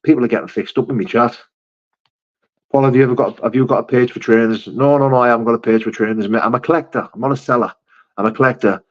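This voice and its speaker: A man reads viewer messages aloud during a casual live chat and responds bluntly, with frequent swearing and plenty of "mate" and "brother". He talks fast in a mid-range voice, and the highs in the audio are cut off.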